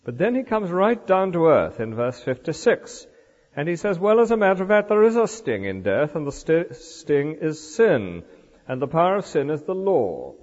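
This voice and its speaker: An older man preaching a sermon in a church, explaining scripture with lively asides and rhetorical questions. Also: fairly high pitch, moderate pace. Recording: dull lo-fi recording in a reverberant church.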